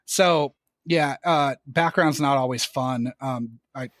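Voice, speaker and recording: A young man telling work stories in a casual podcast chat, animated and profane, his voice jumping up when exasperated. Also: mid-range voice, slow pace, no room sound, clean studio sound. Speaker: podcast guest.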